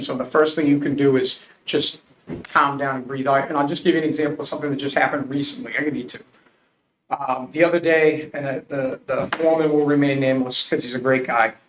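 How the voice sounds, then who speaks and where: A man's voice: medium pitch, a bit bright, slight background noise. A man from Massachusetts answering a council committee's interview questions, earnest and emphatic, telling stories with frequent restarts. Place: council chamber. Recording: roomy public meeting audio.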